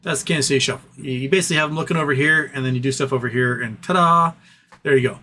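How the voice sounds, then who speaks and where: A man's voice: mid-range voice, rapid-fire, sharp tone, a little hiss or hum. A man hosting a casual livestream, reading viewer comments aloud in a rambling, playful way and chatting to his dog. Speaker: livestream host.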